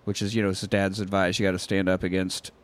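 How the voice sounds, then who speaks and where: A man's voice: low-pitched, little pitch movement, fast, dry recording. A man casually recapping a film on a podcast, swearing freely and acting out scenes. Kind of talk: casual comedic recap with crude jokes.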